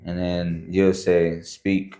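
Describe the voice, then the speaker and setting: A man's voice: deep voice, little pitch movement, slow pace, dark tone. A man who is a podcast guest, telling his story in a loose, conversational way full of fillers and frequent "man" and "bro". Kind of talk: casual storytelling.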